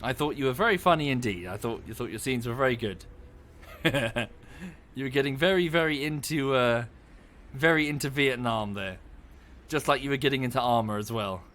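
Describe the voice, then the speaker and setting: A man's voice: medium pitch, normal speed, fairly bright tone, a little hiss or hum. A man casually narrating his strategy game on a livestream, thinking aloud and thanking viewers as he plays. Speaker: streamer playing a strategy game. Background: game music.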